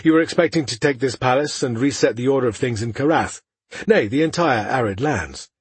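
A man narrating an audiobook, voicing a confident male elf leader who speaks with courtesy and a mocking edge, in a raised, louder voice. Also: medium pitch, expressive, normal speed, husky, no echo. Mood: mocking, courteous.

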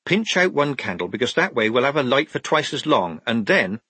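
A man's voice: mid-range voice, sing-song, fairly quick, sharp tone, breathy edge, no room sound, voice pushed up, heavily acted. A man doing a dry, level-headed young woman. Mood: firm. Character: shrewd, determined young woman soldier.

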